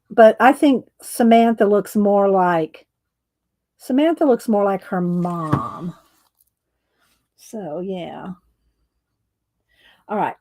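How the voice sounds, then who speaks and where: A middle-aged woman with a slightly high, slightly mellow voice hosts a casual art livestream from her home craft room. She's chatty, talking to viewers while she works.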